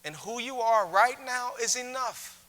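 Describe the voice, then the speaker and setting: A man delivers an impassioned keynote in a high, very bright voice. He builds his points through rhythmic repetition like a preacher, and the long echo of a big conference hall trails his words. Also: expressive, unhurried. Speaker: keynote speaker. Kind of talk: inspirational keynote speech.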